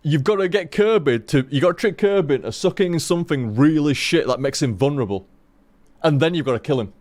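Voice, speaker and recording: A man's voice: a little high, brisk, dry recording. A man streaming a game, rambling casually to his chat, with lots of swearing. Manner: rambling, heavy swearing, animated.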